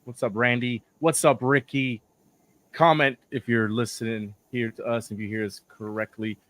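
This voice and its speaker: A man with a hoarse voice he is losing, co-hosting a casual wrestling chat and giving blunt opinions. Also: medium pitch, fairly even intonation, moderate pace, a bit bright. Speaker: podcast co-host.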